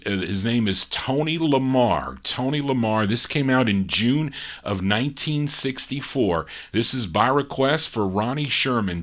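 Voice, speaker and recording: A man hosting a live oldies record show, introducing listener requests in relaxed, rambling patter with frequent fillers. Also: medium pitch. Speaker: oldies radio show host and DJ.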